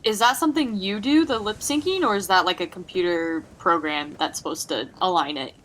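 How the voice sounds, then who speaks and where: A woman's voice: fairly low pitch, fairly quick, fairly bright tone, slight background noise, rough recording. A woman chatting and teasing the host as a guest on a game stream. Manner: giggly, teasing. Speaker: cast member guest. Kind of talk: casual chat over gameplay.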